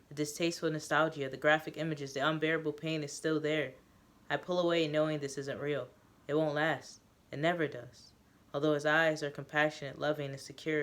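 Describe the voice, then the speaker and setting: Woman reading her novel aloud. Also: deep voice. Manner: steady storytelling, breaks off to recap. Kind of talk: dramatic reading with casual asides.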